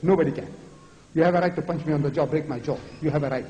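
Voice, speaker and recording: A man's voice: on the high side, racing, slight background noise. A man in his seventies giving an emphatic, repetitive public lecture. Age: 70s. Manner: emphatic, repetitive, animated preaching. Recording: echoey hall recording.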